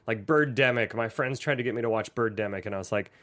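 A man co-hosting a podcast chats casually and jokes around, animated and full of fillers. His voice is medium-pitched and he talks fast.

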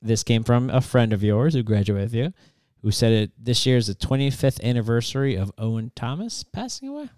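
A man hosts a podcast from a studio, asking his guest questions in a loose, jokey, rambling manner. His voice is clear and smooth at a middle pitch. The recording is dry and close. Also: expressive, a little fast, darkish tone, dry recording. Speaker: podcast host. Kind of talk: casual chat.

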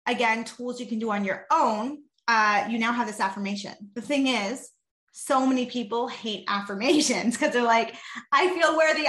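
With energy, a woman guest coach explains a mindset method, acting out examples with her body and voice as she goes. Her voice is fairly high, and the room sounds echoey.

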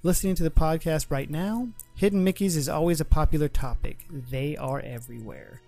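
A man co-hosting a casual podcast, chatty and quick to laugh, with frequent restarts. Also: a little high, gravelly, mellow, soft background music. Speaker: podcast co-host. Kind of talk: casual chat.

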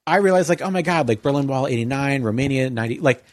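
A man's voice: mid-range voice, expressive, quick pace, dry recording. A man telling a long story in casual chat, rambling with lots of "like" and "you know".

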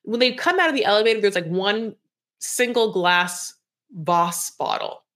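A woman's voice: medium pitch, lively intonation, moderate pace, fairly bright tone. Chatty woman podcast co-host. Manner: chatty, wry asides. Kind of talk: casual recap chat.

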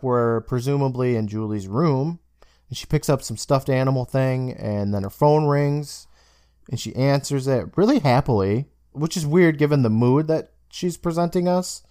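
This young man co-hosts a podcast and recaps a TV episode in casual chat, animatedly acting out the characters' lines. His voice is medium-pitched with a clean tone. The studio sound is clean, without echo.

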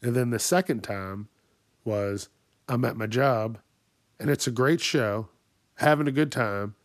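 A podcast host with a medium-pitched voice delivers a profane, angry ranting monologue, a little slowly, swearing constantly. He acts out other people in raised voices, and the studio-quality recording has no room sound.

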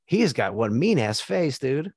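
An American man hosts a loose sports conversation, blunt and quick to swear and joke. His voice sits at an ordinary middle pitch. The sound is close and dry, with no room around it. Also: big pitch swings, darkish tone, slightly rough, no room sound. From United States. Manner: blunt, profane, joking. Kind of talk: casual sports chat.

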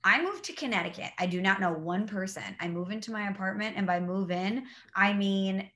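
Animated woman telling stories in casual chat. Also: medium pitch, a little fast. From Saint Louis, Midwest US. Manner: animated storytelling, acts out quotes. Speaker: podcast co-host.

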